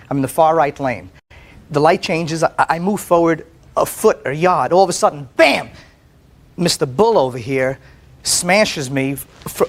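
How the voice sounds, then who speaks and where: A man testifying as plaintiff on a courtroom show, telling his story in an animated way, often stammering and repeating words. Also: on the high side. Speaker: plaintiff in a TV small-claims case. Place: TV courtroom set.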